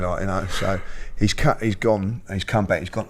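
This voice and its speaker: A man hosting a podcast, telling stories in a lively casual way, full of fillers and repeats. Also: deep voice, fast talker, few pauses. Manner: animated storyteller with many fillers and repeats. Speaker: podcast host. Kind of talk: casual chat, storytelling.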